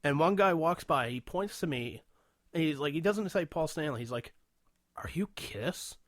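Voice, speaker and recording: A man co-hosting a radio podcast tells a story in casual chat, laughing often, swearing frequently, and doing loud impressions. His voice is a little high with lively intonation, at a moderate pace, recorded dry.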